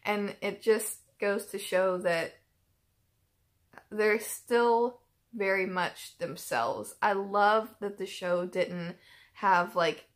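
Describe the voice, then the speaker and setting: A woman's voice: medium pitch, extremely slow. Woman doing a reaction vlog, rambly and emotional, talks in a middling voice, lots of likes and you knows. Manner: rambling and emotional, heavy on filler words. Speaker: YouTube reaction channel host. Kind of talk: casual chat.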